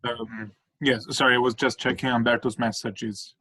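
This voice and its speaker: A man moderates an academic panel by video call. He thanks the speakers and hands the floor on, pausing often on fillers. His voice sits at an everyday middle pitch. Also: flat delivery, pushed and bright. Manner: hesitant, filler-heavy.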